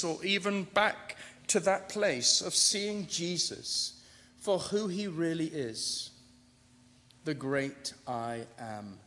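A man preaching a sermon, building through repeated phrases and slowing down for emphasis. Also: on the high side, a bit bright. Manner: rhetorical, building repetition with slowed emphasis. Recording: long reverb of a large hall.

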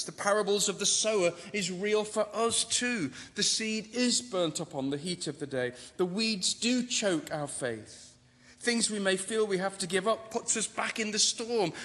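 A man preaching a sermon, building through repeated phrases and slowing down for emphasis. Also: high-pitched, pushed and bright. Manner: rhetorical, building repetition with slowed emphasis. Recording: long reverb of a large hall.

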